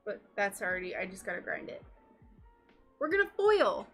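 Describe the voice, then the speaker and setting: A woman's voice: mid-range voice, very animated, normal speed, a bit bright, soft background music. A woman chatting casually and giggling as she works on stained glass during a live stream, reading out messages from her viewers. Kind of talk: casual live-stream chat while crafting.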